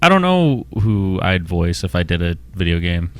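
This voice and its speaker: Low-voiced laid-back podcast man. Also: very animated, moderate pace, a bit bright, dry recording. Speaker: podcast co-host. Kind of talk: casual chat.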